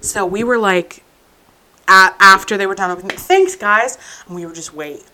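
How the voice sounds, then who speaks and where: A woman's voice: mid-range voice, a little fast, a little hiss or hum, rough recording. Chatty woman podcast co-host. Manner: animated storyteller, frequent "like" and "um"; laughs through her anecdotes. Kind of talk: casual chat.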